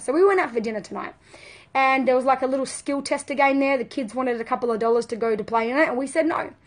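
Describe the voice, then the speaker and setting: A woman with a high, bright-sounding voice speaks as a parenting coach to her live viewers. She talks in a conversational, earnest way and leans hard on her key points. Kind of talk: live video talk to viewers.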